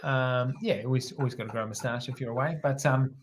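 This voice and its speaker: A middle-aged man with a New Zealand accent, a former helicopter pilot telling a story as a guest on an interview show, relaxed and rambling, often restarting and repeating words. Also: mid-range voice, fast, a loud crowd.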